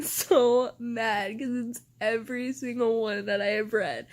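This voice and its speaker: A woman's voice: on the high side, a little slow, hardly any pauses. A young woman book vlogger talking casually to her viewers, ranting and swearing freely. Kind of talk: casual reading vlog.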